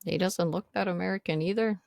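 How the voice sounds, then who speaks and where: A woman's voice: lowish voice, steady tone, fast, vocal fry, a little mellow, dry recording. A woman chatting in character during a roleplay game, playful and teasing. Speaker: roleplay player. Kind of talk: in-character casual chat.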